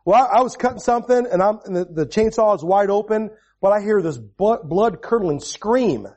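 High-voiced preaching man. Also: animated, normal speed, darkish tone. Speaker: pastor. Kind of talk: sermon.

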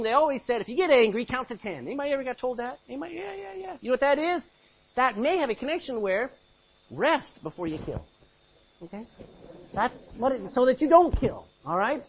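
Man, preaching, scripture reading with loud outbursts, husky, dull recording. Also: extremely high pitch. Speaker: pastor. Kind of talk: sermon. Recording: muffled lo-fi recording.

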